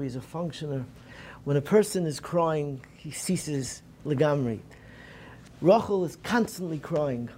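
A man's voice: on the high side, dark tone, a little hiss or hum. A man giving an earnest Tisha B'Av Torah lecture at a synagogue program. He often repeats and restarts phrases and mixes in Hebrew terms.

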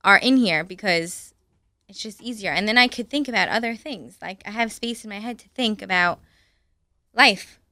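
A woman, a mother, chatting as a guest on a talk show in a relaxed, rambling way with many fillers. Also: medium pitch, normal speed, no echo. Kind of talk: casual studio chat.

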